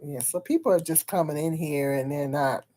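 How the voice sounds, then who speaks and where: A woman chatting on her own livestream in a slightly low voice, talking frankly to whoever drops in. She rambles, circles back over her words and laughs often between thoughts. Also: moderate pace, background noise. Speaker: livestream host. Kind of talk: casual livestream chat.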